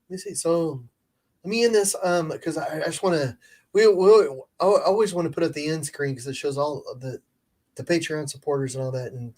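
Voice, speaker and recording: Brief: talkative male painter hosting a live stream, slightly high voice, loose and laughing. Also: a little mellow. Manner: chatty, laughs often, many restarts. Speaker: painter and livestream co-host. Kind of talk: casual livestream chat.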